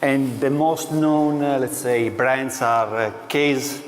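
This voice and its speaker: A man of ordinary pitch answers interview questions as a company executive, slowly and deliberately with many fillers. The echo of a large hall lingers on his words. A faint background hum sits underneath. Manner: measured, with many pauses and fillers.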